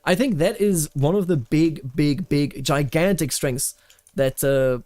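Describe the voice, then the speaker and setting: A man from Bavaria chats his way through a strategy game, voice sitting a bit high. He rambles, repeats himself and breaks off to react to what happens on screen. Soft music plays faintly behind him. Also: measured pace, dry recording. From Bavaria, Germany. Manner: rambling, reacts aloud to the game, frequent fillers and restarts. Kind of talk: casual gameplay commentary.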